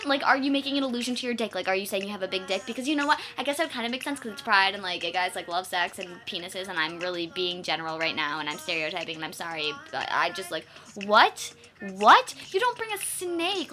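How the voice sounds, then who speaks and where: A woman's voice: medium pitch, animated, quick pace, hardly any pauses, bright, forceful tone. A young woman vlogging in a rambling, incredulous way, swearing and saying "like" constantly. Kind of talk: casual vlog rant.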